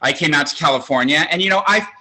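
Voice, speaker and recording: A man's voice: on the high side, quick pace, bright, forceful tone, low-quality recording. A man in his sixties doing stand-up comedy, telling campy, self-mocking stories. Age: 60s.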